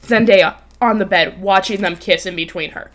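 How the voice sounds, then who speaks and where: Twenties woman, podcast host, animated storyteller, swears often, average pitch. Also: normal speed. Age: 20s. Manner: animated, swears freely, bursts into laughter. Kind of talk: casual storytelling chat. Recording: remote call, co-host audio cutting out.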